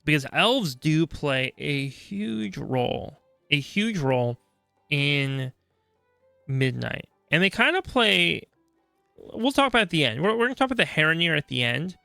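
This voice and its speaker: A man's voice: a little high, very animated, a little slow, creaky, pushed and bright, smooth, no room sound, soft background music. A man hosting a podcast, explaining game lore in a chatty, casual way and checking in often with "right?". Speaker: podcast host.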